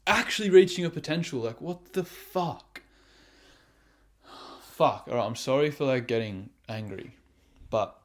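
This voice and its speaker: A young man vlogger giving a blunt, profane motivational rant, swinging between loud outbursts and low, intense muttering. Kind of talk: ranting motivational monologue.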